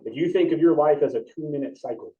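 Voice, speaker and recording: Here an EMT instructor with a voice on the high side talks fast, teaching in a loose, informal way and frequently quizzing the class. It was recorded from a distance in a room, so it sounds dull.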